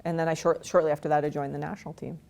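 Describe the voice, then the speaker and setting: Low gravelly-voiced woman, frank interview guest. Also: little pitch movement, rapid-fire, a little mellow. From Canada. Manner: frank, self-deprecating, laughs often. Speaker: interview guest, retired hockey player. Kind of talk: candid interview storytelling.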